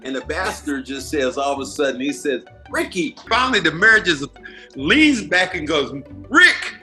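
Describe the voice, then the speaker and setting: A man with a very bright, forceful tone and a swooping pitch tells a story in an interview. He acts out the quotes as he goes, over faint music. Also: animated, moderate pace. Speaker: former basketball player. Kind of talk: interview anecdote.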